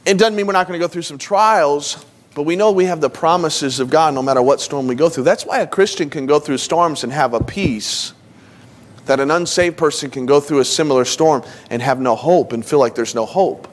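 Preacher, male, fairly high-pitched, informal teaching sermon, asks the room questions. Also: a little fast. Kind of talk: conversational Bible teaching.

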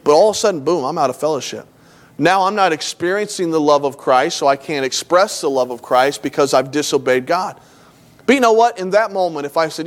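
Animated middle-aged male preacher. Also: a little high, fast. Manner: animated storytelling, acts out both sides of a dialogue. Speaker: pastor. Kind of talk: sermon with acted illustrations.

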